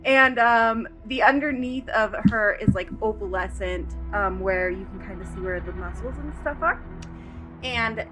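Slow-talking woman player. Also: mid-range voice, faint music behind. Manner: relaxed, laughs easily. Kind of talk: introducing her character.

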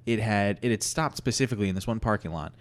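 Lowish male comedy podcast co-host. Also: animated. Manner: rambling, halting with restarts. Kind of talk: improvised comedy storytelling.

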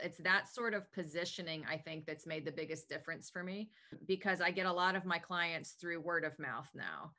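A woman's voice: on the low side, normal speed, bright, forceful tone. A woman being interviewed about her health business, talking in an upbeat, talkative, enthusiastic way. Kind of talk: casual interview answers.

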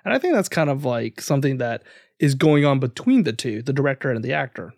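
A man co-hosting a podcast, talking in an animated, emphatic way. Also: mid-range voice, brisk, gravelly, no echo, studio quality. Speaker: podcast co-host. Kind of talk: casual podcast discussion.

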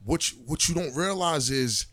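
A man's voice: on the high side, normal speed, dry recording. Blunt, profane man in casual chat. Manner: blunt, profane, animated storytelling. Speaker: podcast co-host.

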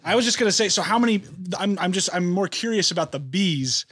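A man in casual podcast chat, asking rapid questions packed with fillers. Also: sits high, expressive, a bit bright, slightly rough, no echo.

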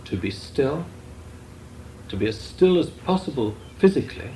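An older man, a Benedictine monk, giving a measured, deliberate talk on meditation with long pauses. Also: medium pitch, big pitch swings, mellow. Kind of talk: slow meditative spiritual talk. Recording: echoey room with faint noise.

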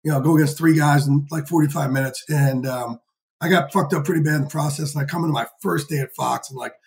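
A man in his fifties, a podcast guest telling lively, profane stories in a casual interview. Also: fairly high pitch, quick pace, gravelly. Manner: energetic, profane, animated storyteller. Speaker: podcast guest, sports insider.

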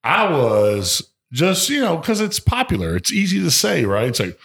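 A man co-hosting a podcast, animated as he tells stories in casual chat, often restarting his sentences. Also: medium pitch, normal speed. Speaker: podcast co-host.

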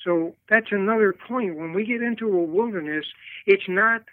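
A man giving a slow, earnest preacherly talk, heard over a tinny phone line. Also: high-pitched, no echo. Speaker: guest speaker.

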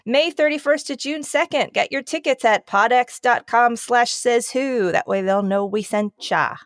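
A woman co-hosting a casual podcast, excitable and quick to blurt things out, with profane jokes. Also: on the high side, dry recording, clean studio sound. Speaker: podcast co-host. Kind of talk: casual chat.

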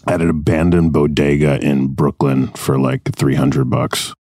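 A man's voice: a bass voice, steady tone, a little slow, a little mellow, no echo, studio quality. A man co-hosting a casual podcast chat, telling rambling stories and laughing often. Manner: laughs a lot, rambling storytelling. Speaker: comedian and co-host.

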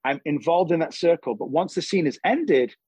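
A man's voice: on the high side, lively intonation, moderate pace, darkish tone, husky, no echo, low-quality recording. A man talking as a guest about teaching acting, earnest and explanatory, casually calling the host "bro". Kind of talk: casual interview chat.

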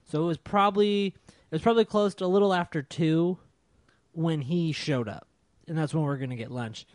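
A man telling a story in casual chat, animated and exasperated, swearing freely. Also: fairly high pitch, normal speed, no room sound.

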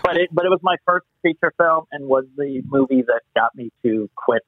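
A man telling animated stories as an interview guest, acting out the voices he quotes. His voice comes through slightly husky and very dry, with no room around it. It sounds squeezed into a narrow, phone-like band. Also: medium pitch, a little fast, no echo. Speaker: actor guest. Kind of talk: casual interview anecdotes. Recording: muffled phone-line sound.

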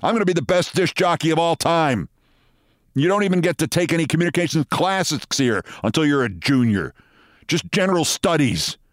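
A man voicing a cynical young male student disc jockey with a deep voice and a New York accent, talking sardonically. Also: expressive, brisk, no echo, clean studio sound, natural voice. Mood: sardonic. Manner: jaded, sardonic.

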